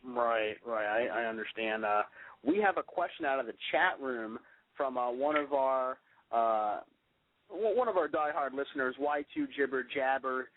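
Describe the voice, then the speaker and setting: A man hosting a wrestling talk show, asking questions in a halting way with plenty of fillers. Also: medium pitch. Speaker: radio show host. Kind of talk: podcast interview. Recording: dry, tinny phone-like audio.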